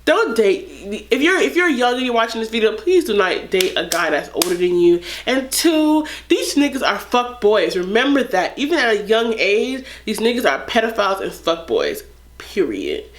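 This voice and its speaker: A young woman vlogger telling a casual story, animated and blunt, swearing freely. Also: on the high side, normal speed, a little hiss or hum.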